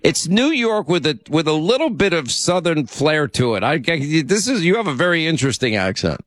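A man's voice: on the high side, sing-song, fairly quick, fairly bright tone, no room sound, studio quality. A man hosting a call-in radio talk show, chatting casually and rambling in a friendly way with callers.

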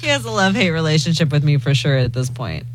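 A woman's voice: sits low, sing-song, fast, faint music behind. A woman co-hosting a casual chat show, bubbly and chatty, telling funny stories about her day. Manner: bubbly, chatty, giggly storyteller. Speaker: show co-host.

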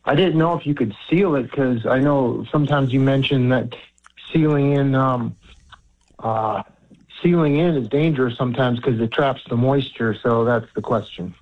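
A man with a mid-pitched voice calls in over a dull, muffled phone line. He explains his home repair question in halting bits, full of fillers and restarts. His pitch sits in the middle of the range. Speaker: caller.

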